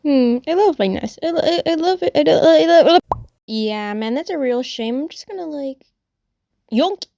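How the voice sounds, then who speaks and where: A woman's voice: sits high, animated, normal speed, creaky, mellow, dry recording, muffled recording. A woman voicing a bird doting on its own nest, stuttering and dreamy, as a comic voice-over.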